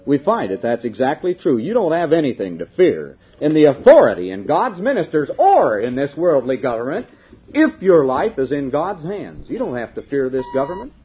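Lively lo-fi preacher, rhetorical questions. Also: male voice, a little high, normal speed, husky. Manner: rhetorical questions, swings from loud to hushed. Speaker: minister preaching to a congregation. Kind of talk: sermon.

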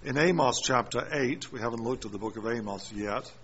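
A man's voice: mid-range voice, fairly quick, fairly bright tone. A man preaching a sermon, reading scripture and repeating chapter and verse. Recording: muffled recording with faint room noise.

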